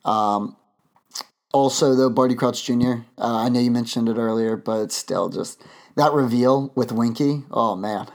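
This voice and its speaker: A man's voice: mid-range voice, moderate pace. A man hosting a podcast, chatting casually and rambling with lots of fillers and restarts. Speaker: podcast host.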